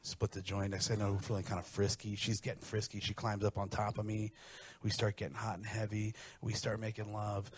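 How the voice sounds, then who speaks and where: A middle-aged man doing a stand-up set with brash, profane, animated storytelling. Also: lowish voice, normal speed, slight background noise. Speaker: stand-up comedian.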